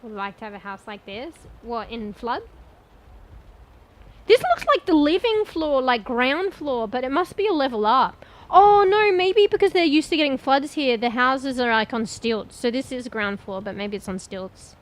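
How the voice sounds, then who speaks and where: A woman with a fairly high voice talking her way through a game for her stream. She rambles and thinks out loud as she explores, talks straight to her viewers, and drops casual swears along the way. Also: lively intonation, normal speed, low-quality recording. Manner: chatty, addresses viewers directly. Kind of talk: casual gameplay commentary.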